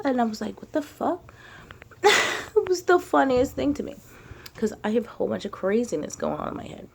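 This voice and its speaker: A woman's voice: sits low, darkish tone, a little hiss or hum. A woman talking casually to camera in a rambling spiritual vlog, full of fillers like "like" and "you know" and casual swearing. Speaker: spiritual vlogger.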